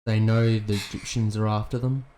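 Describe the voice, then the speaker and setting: A man giving casual, excitable reaction commentary on a TV episode, swearing often as he talks. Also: fairly low pitch, normal speed, slight background noise.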